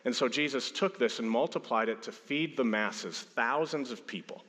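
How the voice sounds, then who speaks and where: A pastor in his thirties tells stories during a sermon, acting out quotes with a raised voice. He speaks at a normal speed with a medium-pitched, fairly bright voice, and long hall reverb surrounds him.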